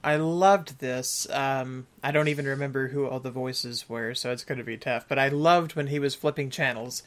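A man's voice: mid-range voice, moderate pace, few pauses. A man hosting a casual film-review chat, quoting lines from the film. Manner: lively, quotes film lines. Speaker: podcast host.

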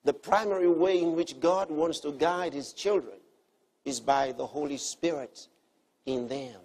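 Here a preacher teaches earnestly, returning to key phrases and alternating quiet, soft passages with emphatic ones. His voice is on the high side and slightly rough, and he talks a little slowly.

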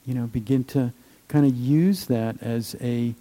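A man giving a gentle, unhurried meditation talk, with many fillers and trailing phrases. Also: medium pitch, poor audio. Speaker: meditation teacher.

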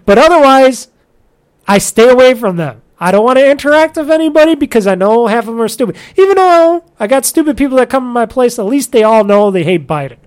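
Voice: medium pitch, animated. A speaker ranting in casual chat, cursing often, laughing, and acting out what others said. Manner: ranting, profane, quick to laugh, acts out what people said.

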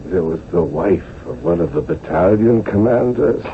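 A man's voice: low-pitched, moderate pace. An actor playing a jovial, nostalgic old postmaster and former cavalryman in a radio drama, hearty and chuckling. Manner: hearty, chuckling, lively swoops. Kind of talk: 1970s radio drama acting. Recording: tinny old radio broadcast, faint hiss.

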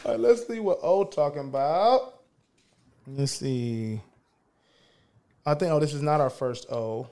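A man hosting a podcast in casual chat, laid-back and slangy, turning animated when he reads aloud. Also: fairly high pitch, a little slow, pauses often. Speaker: podcast host.

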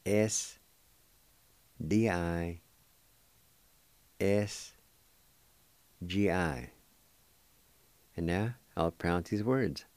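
A man hosting a radio language lesson, spelling words out letter by letter and repeating each one slowly and carefully. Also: low voice, darkish tone, clean tone, no room sound.

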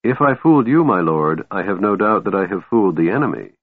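A man voicing a cold, scheming female warlord who speaks coolly and smoothly. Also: lowish voice, big pitch swings, brisk, no echo, heavily acted. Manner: cool, cutting, smooth. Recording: narrow phone-like sound, dry.

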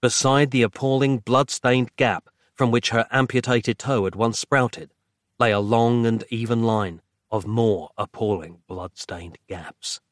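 A man reading a horror story aloud in a dramatic, measured storytelling manner. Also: mid-range voice, no room sound, clean studio sound. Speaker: narrator. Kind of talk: scripted horror narration.

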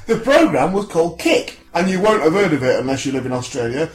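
Laughing man reading deadpan comedy. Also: fairly high pitch, fast. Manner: deadpan, breaks into laughter at own jokes. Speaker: podcast host. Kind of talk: comic mock-autobiography reading. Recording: roomy echoey studio.

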